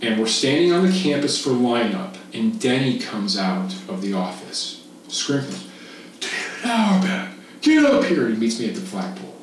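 A man in his fifties from Texas, a podcast guest telling a camp story in animated casual chat, laughing and swearing freely. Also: on the low side, normal speed. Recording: echoey room, distant mic, faint noise.

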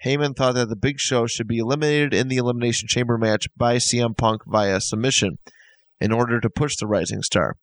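A man co-hosting a podcast, reading a summary aloud in a steady, matter-of-fact way, then chatting. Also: medium pitch, brisk, dry recording, poor audio. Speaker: podcast co-host.

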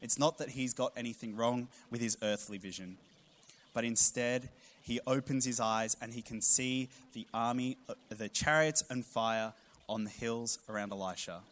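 A man, preaching a sermon with humorous storytelling and animated emphasis. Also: mid-range voice, moderate pace. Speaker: pastor.

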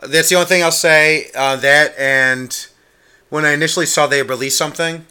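A man's voice: a little high, steady tone, normal speed, pushed and bright, clear, resonant tone. A man co-hosting a music review podcast, chatting casually with fillers and asides. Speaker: podcast co-host.

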